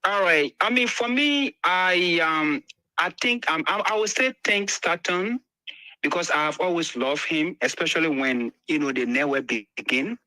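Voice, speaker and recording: Bright-voiced caller, clipped and dry. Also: male voice, on the high side, lively intonation, dry recording, poor audio. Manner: halting, with many restarts. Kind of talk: call-in radio talk.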